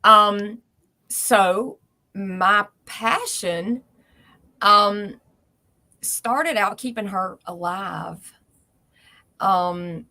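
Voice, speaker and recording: A woman's voice: mid-range voice, drawn-out words, long pauses, sharp tone. A Southern American woman in her forties, a nurse from Georgia, speaking frankly and at length as an interview guest.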